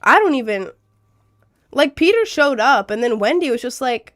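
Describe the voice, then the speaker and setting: A woman's voice: high-pitched, big pitch swings, moderate pace, fairly bright tone. A young woman streaming live with a cold, chatting in a rambling, giggly way and reading out chat. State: has a cold.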